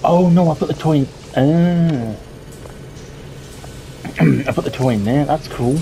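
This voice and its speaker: A man's voice: fairly high pitch, slow, creaky, a little hiss or hum, low-quality recording. A young man commenting on a horror game as he plays, swearing a lot and yelping when something startles him. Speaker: gameplay streamer. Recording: game music loud behind voice.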